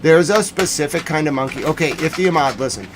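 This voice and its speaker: A man's voice: a little high, expressive, fast, noisy background. A man hosting a live news stream, reading chat and riffing jokingly with mock-serious rants. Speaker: livestream news host answering chat. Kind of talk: casual livestream chat.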